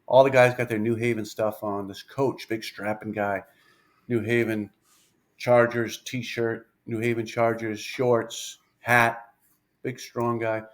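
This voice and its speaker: Lively storytelling man in his fifties. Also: medium pitch, slow pace. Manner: lively anecdotal, acts out dialogue. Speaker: pitching coach, interview guest. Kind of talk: storytelling interview.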